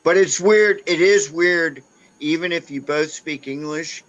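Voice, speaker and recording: A man's voice: a little high, unhurried, muffled recording. A man hosting a casual chat, telling stories with lots of energy. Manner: animated storyteller, acts out voices. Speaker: host.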